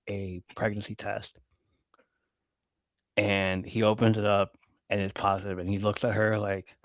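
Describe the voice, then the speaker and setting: A man's voice: lowish voice, fairly even intonation, unhurried, pauses often, fairly bright tone, no room sound. A man hosting a live podcast, casually reading viewer messages aloud and laughing often. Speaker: podcast host reading chat. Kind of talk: casual live-stream chat.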